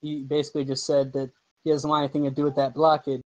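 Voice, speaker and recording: A game master runs a tabletop game over an online call, narrating loosely with many fillers and restarts. His fairly high voice is flat and fast, picked up on a home microphone in a rough recording.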